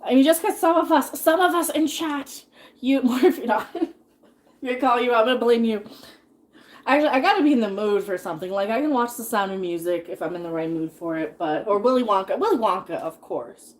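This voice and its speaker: A woman's voice: fairly high pitch, expressive, brisk. Chatty woman cooking on a live stream. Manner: chatty, rambling, laughs often. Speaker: streamer cooking and reading chat. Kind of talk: casual live-stream chat while cooking.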